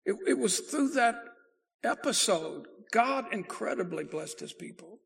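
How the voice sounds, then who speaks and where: A high-pitched male pastor delivers a sermon, his voice rough with gravelly fry. He preaches in a folksy, emphatic way and slows down to lean on repeated words. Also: animated, a bit bright.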